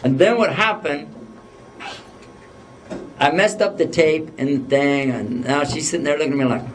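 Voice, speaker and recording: A man's voice: fairly high pitch, normal speed. Guy lecturing, telling a funny story, acts out the back and forth, mic a bit far off. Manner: humorous, anecdotal, acts out dialogue. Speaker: religious lecturer.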